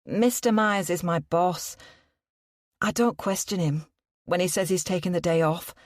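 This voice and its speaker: A woman's voice: on the low side, a little slow, no echo, clean studio sound, natural voice. A woman reader voicing a cheerful, polite office worker with a Mancunian accent in an audiobook. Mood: cheery polite.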